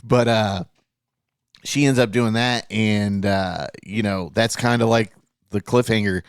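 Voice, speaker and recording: A man's voice: on the low side, steady tone, a little slow, clear, resonant tone, dry recording, clean studio sound. A man co-hosting a podcast, chatting casually and loosely about a TV show, with plenty of fillers and swearing. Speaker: podcast co-host. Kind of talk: casual chat reviewing a TV show.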